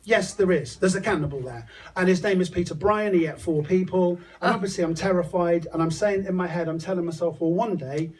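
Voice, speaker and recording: A man's voice: sits high, brisk, few pauses, breathy edge. A man doing a crude, swearing stand-up comedy set outdoors on a hot tub, telling a story with mock-paranoid asides. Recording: distant mic, loud crowd around. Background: crowd laughing.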